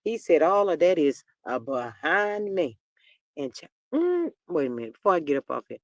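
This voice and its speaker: Chatty, sassy livestream host; middle pitch; dry, close, unroomy sound. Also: very animated, no echo. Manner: chatty, sassy, reads viewer comments aloud; peppers talk with "child" and drawn-out "mm, mm". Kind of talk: casual gossip commentary on a livestream.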